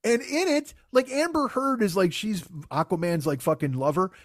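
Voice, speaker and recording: High-voiced man on a profane comic rant. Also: moderate pace, no echo, clean studio sound. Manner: profane, exasperated storytelling. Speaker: podcast host. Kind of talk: casual comedic rant.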